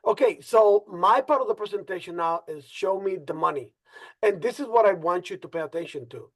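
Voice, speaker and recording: A man with a Spanish-speaking accent hosts an online presentation over a video call. He talks in an animated, hype-building way and repeats his catchphrases. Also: sits high, brisk. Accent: Spanish-speaking accent in English. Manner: animated, hypey, repeats phrases. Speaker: co-host presenter. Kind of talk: casual webinar presentation.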